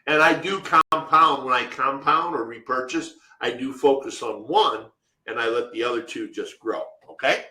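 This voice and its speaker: Bright-voiced man hosting a webinar. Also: medium pitch, normal speed, echoey room, poor audio. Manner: reads chat questions aloud, answers emphatically. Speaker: webinar co-host. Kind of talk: live webinar Q&A.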